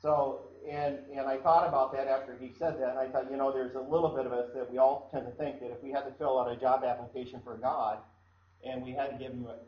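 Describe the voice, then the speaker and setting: Conversational pastor preaching in an echoey room. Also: male voice, medium pitch. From Iowa, US. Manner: conversational, repeats and restarts phrases. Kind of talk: sermon. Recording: echoey room, dull sound, faint background noise.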